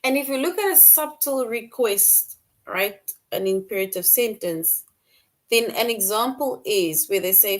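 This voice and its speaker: A woman's voice: mid-range voice, expressive, normal speed. A woman teaching a middle-school grammar lesson, repeating key points and explaining with examples.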